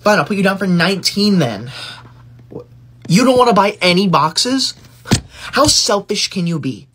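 A man with a high, very animated, slightly bright voice plays a bossy, self-righteous teacher's pet in a comedy sketch, lecturing others in a preachy, whiny way and quickly threatening to tell the teacher. A faint hiss or hum sits under the recording.

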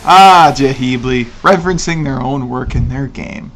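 A man's voice: mid-range voice, normal speed, music in the background. A young man giving crude, jokey let's play commentary, laughing often. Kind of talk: casual gameplay commentary.

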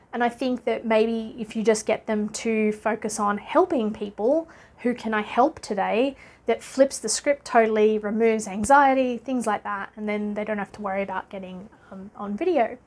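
A woman from Australia with an Australian accent, talking to camera as a business coach in a chatty, upbeat way, laughing often and filling gaps with "uh". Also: a little high. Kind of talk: casual talking-head vlog.

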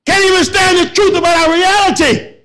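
High, bright-voiced preaching man. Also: fairly even intonation, brisk, rough recording. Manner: impassioned, shouting, repetitive. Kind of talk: sermon.

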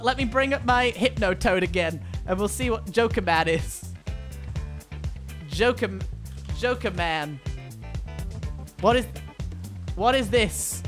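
High, lively young man streaming. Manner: excitable, theatrical mock outrage. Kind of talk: casual gaming stream chat. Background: game music.

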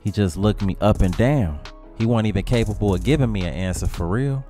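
A man's voice: on the low side, fairly quick, dark tone, soft background music. A man telling a comic story in a brash, slangy style, trading insults. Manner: brash slangy trash-talk. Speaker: comedy storyteller.

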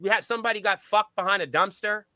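A man's voice: high-pitched, fast talker, no room sound. A man, a band member guesting on a podcast, telling a story in a loose, profane way and acting out both sides of the conversation. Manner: profane, animated, acts out dialogue. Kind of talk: casual storytelling.

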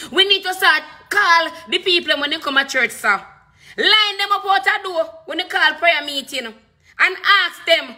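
A woman's voice: very high-pitched, moderate pace, sharp tone. A woman preaching a fervent, repetitive sermon with bursts of speaking in tongues.

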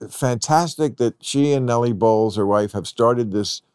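A male podcast host talking bluntly and profanely in a casual chat. His voice sits in a middle pitch, recorded close and dry. He rises to near yelling when he gets going on a point. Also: moderate pace, smooth, no room sound.

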